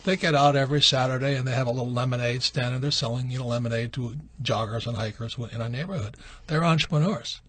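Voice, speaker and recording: Hosting a radio call-in show, a man answers questions with relaxed stories from when he was young, getting animated as he acts out quotes. He's a fast talker with a husky, medium-pitched voice.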